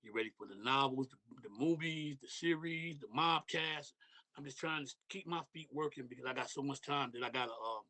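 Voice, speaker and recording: Fast-talking middle-aged man from Detroit. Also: mid-range voice, sharp tone. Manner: loose street talk with frequent "you know what I mean". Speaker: podcast guest. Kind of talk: casual interview chat.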